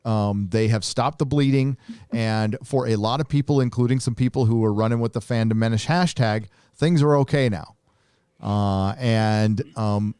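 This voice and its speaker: A middle-aged man hosts a live video chat, talking loosely and circling back on himself as he reads viewer messages. His voice sits at an ordinary pitch. It comes across dry and close, with no room sound. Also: darkish tone, smooth, no room sound. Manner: loose and rambling, with frequent restarts. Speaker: host reading super chats. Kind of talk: casual live-stream chat.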